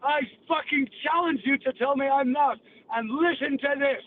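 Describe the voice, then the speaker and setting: A man's voice: very high-pitched, moderate pace. An older man from England, ranting bluntly and profanely as a guest on a call-in show. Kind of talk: heated call-in rant. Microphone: phone line. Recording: tinny phone line with faint noise.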